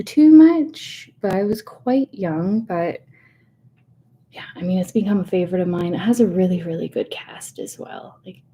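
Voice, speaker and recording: A woman in her thirties hosts a soft-spoken ASMR livestream chat from home, recorded on a webcam setup with slight background noise. Her medium-pitched voice is warm and mellow with a hint of nervousness, and she rambles chattily, interrupting herself with fillers and small asides.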